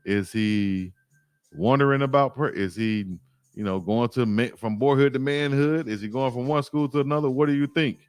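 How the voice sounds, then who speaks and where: A man's voice: mid-range voice, moderate pace, smooth, no echo, clean studio sound. Man chatting on a livestream. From Alabama. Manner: slangy, animated storytelling, reads chat aloud. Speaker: sports YouTube host. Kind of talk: livestream chat reading comments.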